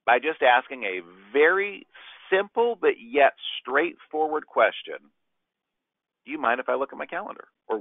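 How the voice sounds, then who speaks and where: Over a dry, tinny, phone-like line with no room sound, a man of medium pitch runs a sales training session. He's animated, acting out short client exchanges in a training talk built on role-played dialogue.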